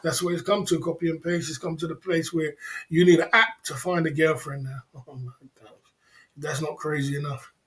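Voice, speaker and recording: A man's voice: fairly high pitch, flat delivery, moderate pace, a bit bright. A man hosting a casual livestream, rambling, repeating his phrases and reading out chat comments. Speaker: livestream host.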